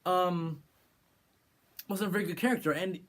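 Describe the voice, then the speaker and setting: A man's voice: high-pitched, normal speed, a bit bright. A man from California giving an opinionated movie review rant, sarcastic and rambling with frequent restarts. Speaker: film reviewer.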